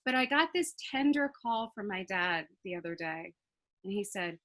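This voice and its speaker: A young woman performing a stand-up comedy set with punchy, deadpan delivery, laughing at her own jokes. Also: medium pitch, moderate pace, rough recording.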